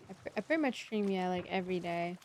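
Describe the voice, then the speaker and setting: A woman's voice: lowish voice, expressive, fast talker, a little hiss or hum. A young woman chatting casually with her stream chat while she plays, sleepy and playful. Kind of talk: casual live-stream chat over gameplay.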